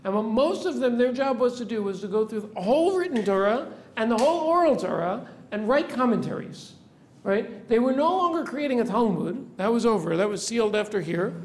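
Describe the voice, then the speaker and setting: This rabbi's voice is very high and sing-song, yet darkish in tone, and he moves briskly through his lesson. Explaining things step by step, he quizzes the students and keeps asking "right?" after nearly everything. Slight background noise accompanies the lecture.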